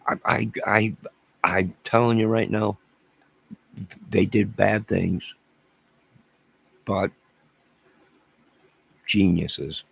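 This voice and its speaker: A man's voice: fairly low pitch, fairly even intonation, drawn-out words, creaky, pauses often, slightly rough, no room sound, low-quality recording. A man hosting a casual livestream, rambling and self-deprecating as he chuckles and answers viewers' chat. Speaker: livestream host.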